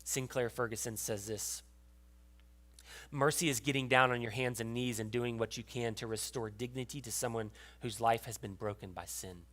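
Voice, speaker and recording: A young adult man preaches from his own life in a loose, storytelling way, full of fillers and restarts. His voice sits at a middle pitch for a man. At tender moments he grows quiet and hushed. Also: fairly even intonation, moderate pace. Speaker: pastor. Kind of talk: sermon.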